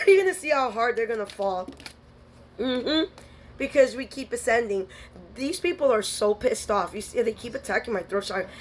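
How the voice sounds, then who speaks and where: A woman's voice: a little high, a little hiss or hum. Blunt scolding woman tarot reader. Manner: blunt, scolding, streetwise slang. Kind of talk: spiritual reading monologue.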